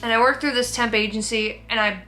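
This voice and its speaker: Young woman, high voice, teary and candid, rambling sit-down storytelling, faint music underneath. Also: fairly even intonation, a little fast, bright, forceful tone. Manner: candid, emotional, rambling with restarts. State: teary, emotional. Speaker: vlogger.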